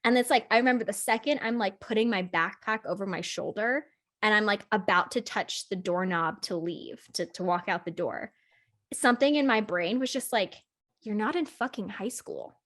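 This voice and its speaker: A woman's voice: mid-range voice, moderate pace, fairly bright tone. A young woman co-hosting a podcast, telling a story in casual chat, full of "like" and "literally". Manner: chatty storyteller, fillers like "like" and "literally". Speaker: podcast co-host.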